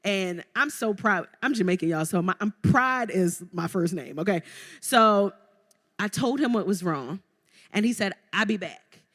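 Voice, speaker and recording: A woman in her thirties from Baltimore, a guest at a live stage interview, telling her story in an animated, playful way and talking straight to the audience. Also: medium pitch, unhurried. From Baltimore, Maryland. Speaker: guest entrepreneur. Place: live event venue before an audience. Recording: reverberant live event hall.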